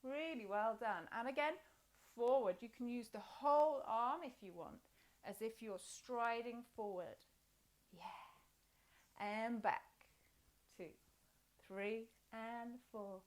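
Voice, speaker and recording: A woman's voice: on the high side, slow. A woman guiding a children's yoga and movement class, encouraging and playful as she talks the class through each pose. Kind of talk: guided class instruction.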